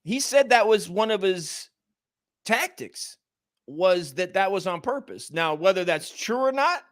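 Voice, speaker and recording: An American man co-hosting a comedy podcast, his voice sitting a little high. He rambles through casual chat, curses freely and often trails off before finishing a thought. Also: lively intonation, unhurried. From United States. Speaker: co-host.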